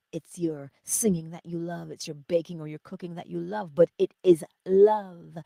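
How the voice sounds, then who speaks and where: A middle-aged woman hosting a casual spiritual livestream, chatting with viewers, telling stories and often dropping into soft whispers. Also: on the low side, vocal fry, no echo. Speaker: host of a morning livestream.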